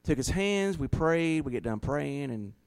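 A man preaching a sermon in a folksy storytelling way, slowing down to stress key words. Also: a little high, animated, darkish tone, smooth. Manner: folksy, slows down for emphasis.

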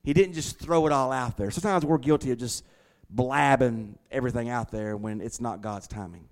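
A man preaching a sermon to his congregation, swinging from loud emphatic lines to quiet, hushed asides. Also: medium pitch, moderate pace. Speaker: pastor.

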